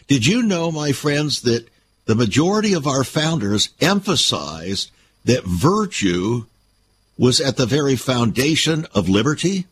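Male radio host, lively pitch, folksy preacher manner, faint hiss. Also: takes it slowly. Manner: folksy, preacherly, addresses listeners as friends. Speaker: radio talk show host. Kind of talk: radio interview and commentary.

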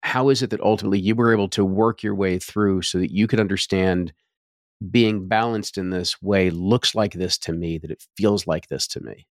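A man hosting an interview, asking measured, reflective questions. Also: low-pitched, fairly even intonation, dry recording, clean studio sound. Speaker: interview host.

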